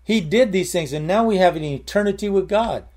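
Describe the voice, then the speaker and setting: A man's voice: high voice, a little fast, darkish tone. A man preaching a sermon in a conversational way, repeating key phrases and breaking into short prayers. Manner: conversational, with prayers and emphatic repetition.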